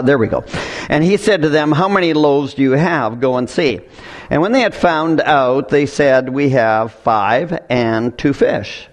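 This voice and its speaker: A male pastor preaching in a church service, voice at a middle pitch. He reads scripture in a plain conversational way and breaks off to comment to the congregation. He also leads a prayer. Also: a little mellow. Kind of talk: sermon with scripture reading and prayer. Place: church sanctuary.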